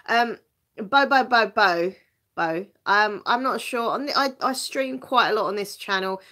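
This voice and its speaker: A woman's voice: medium pitch, a bit bright. Chatty Essex woman, laughs a lot. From England. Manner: chatty and self-mocking, laughs often, repeats words when starting sentences. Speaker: live stream host. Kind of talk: casual live stream chat reading viewer comments.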